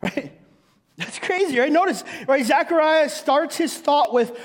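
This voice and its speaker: A man's voice: extremely high pitch, expressive, unhurried. A male pastor preaching a sermon in a conversational, playful way, tagging his sentences with "right?". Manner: conversational, punctuates nearly every sentence with "right?"; playful, acts out scripture scenes. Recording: long reverb of a large hall.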